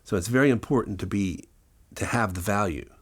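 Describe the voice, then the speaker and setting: Low male voice, musician-teacher interviewee, rambling anecdotal delivery full of fillers. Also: brisk, slightly rough. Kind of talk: interview storytelling.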